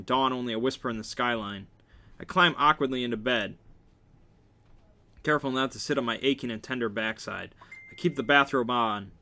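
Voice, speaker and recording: Bright-voiced man reading a novel aloud. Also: mid-range voice. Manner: wry reading with joking asides. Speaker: reader.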